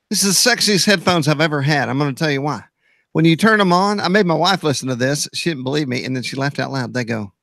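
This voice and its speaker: A man's voice: a little high, creaky, a bit bright, no echo, studio quality. A middle-aged man co-hosting a casual hobby chat, joking and rambling through stories. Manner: jokey, rambling storyteller. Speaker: co-host.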